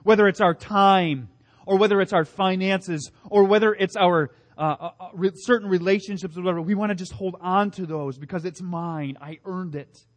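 A male pastor preaching a sermon in an earnest, emphatic way, asking rhetorical questions and repeating key phrases. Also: high-pitched.

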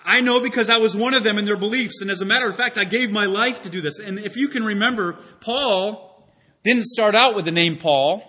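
Male pastor, high husky voice, animated sermon delivery. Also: a little fast. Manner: animated, acts out quoted voices.

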